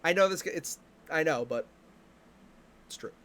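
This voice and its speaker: A male streamer in a profane, exasperated rant, his voice sitting high and swinging wildly up and down. The tone is bright and sharp. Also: expressive, normal speed. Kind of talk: casual stream rant about games.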